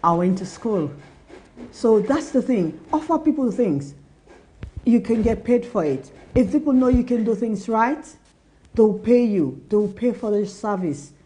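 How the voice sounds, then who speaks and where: Woman, young adult, warm mellow tone, earnest motivational business talk, repeats her points. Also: fairly high pitch, animated, measured pace. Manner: earnest, repetitive advice, acts out quoted dialogue. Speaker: business talk show host.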